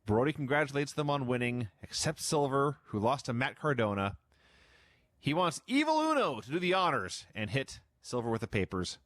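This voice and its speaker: A man co-hosting a podcast, telling a show's events as a casual running recap. His voice is in the middle range but moves lively up and down. The recording is close and dry. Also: medium pitch, moderate pace, no room sound. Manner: storytelling recap, amused. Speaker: podcast co-host. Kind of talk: casual chat, recapping a wrestling show.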